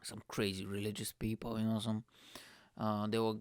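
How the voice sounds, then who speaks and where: A young man hosting a podcast, ranting in a profane, animated, casual comic style. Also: fairly low pitch, normal speed, smooth, dry recording, studio quality. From Bulgaria. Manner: profane, animated, lots of fillers. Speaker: podcast host.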